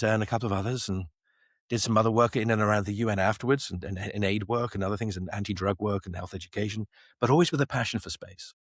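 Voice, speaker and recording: Fast-talking middle-aged guy from the isle of man, low voice, dry close sound, tells stories and does the voices. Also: no room sound. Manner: animated storyteller, acts out quoted dialogue. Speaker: guest, space company CEO. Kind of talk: podcast interview.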